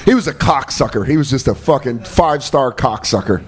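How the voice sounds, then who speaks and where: A man's voice: medium pitch, lively intonation, a little fast, background noise. Profane young man telling stories. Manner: profane, laughing storyteller. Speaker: guest comedian. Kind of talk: casual storytelling chat.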